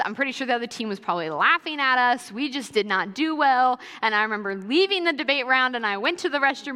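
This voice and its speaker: A young adult woman speaking at church delivers a chatty sermon full of personal anecdotes, leaning on fillers such as "kinda" and "like." Her slightly high voice is bright, forceful, clear and resonant, and the big church hall adds long reverb.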